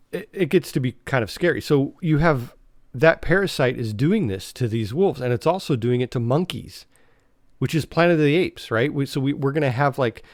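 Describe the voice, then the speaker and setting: A man's voice: medium pitch, no echo, clean studio sound. Man rambling casually on a podcast. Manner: rambling, full of fillers and restarts. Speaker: podcast host. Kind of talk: casual solo podcast talk.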